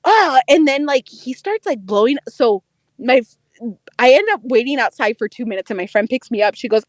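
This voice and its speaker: A young woman chats on a podcast with a high voice that leaps and dips with every twist of the story. She swears freely and laughs through her lines. The sound is close and dry, with no room around it. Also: fairly quick, dry recording. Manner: animated, profane, laughing storyteller. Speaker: podcast co-host, dating correspondent. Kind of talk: casual storytelling chat.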